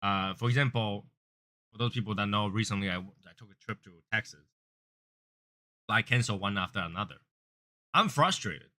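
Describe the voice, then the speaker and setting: A man's voice: moderate pace, pauses often. A man hosting a cigar review channel, talking casually and earnestly, rambling and repeating himself, sometimes raising his voice to act out angry callers. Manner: grows louder and higher when acting out angry callers. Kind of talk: casual chat.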